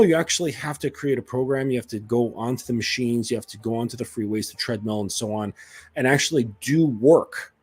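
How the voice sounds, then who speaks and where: A man's voice: mid-range voice, slightly rough. A man coaching other men in a casual monologue, blunt and profane, with many fillers. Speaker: dating and self-improvement coach.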